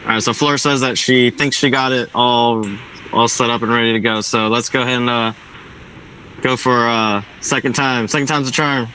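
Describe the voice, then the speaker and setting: A man's voice: mid-range voice, fairly even intonation, normal speed, sharp tone, a little hiss or hum, poor audio. A man chatting casually on a group video call, leading the group along in friendly banter.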